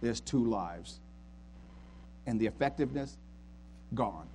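A man preaching a sermon, swinging from quiet earnest talk to loud, fervent retelling of scripture. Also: medium pitch, lively intonation, measured pace, pauses often, a little hiss or hum, rough recording. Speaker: pastor.

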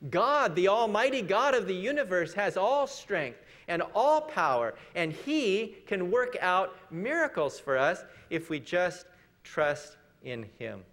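A man preaching a sermon in an earnest, conversational way, asking rhetorical questions and slowing down to read scripture. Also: high voice, big pitch swings, fairly bright tone. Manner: slows for scripture readings.

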